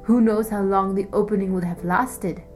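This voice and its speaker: A woman's voice: mid-range voice, steady tone, moderate pace, darkish tone, faint music behind, close to an everyday voice. Woman voicing a wary male servant. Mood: scornful.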